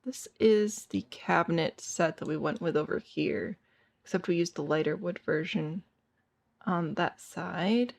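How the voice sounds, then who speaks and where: A woman streamer talks casually through a game session and answers her chat as she goes. Her voice is hoarse and worn out, sitting a little low and carrying a rough, gravelly fry. She sounds like she is thinking aloud. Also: unhurried. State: hoarse and tired.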